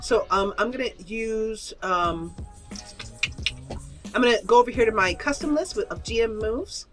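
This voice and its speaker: A woman's voice: on the high side, normal speed, over music. A woman narrating as game master of an online tabletop fantasy game, chatty with many fillers and laughs, on a desk microphone.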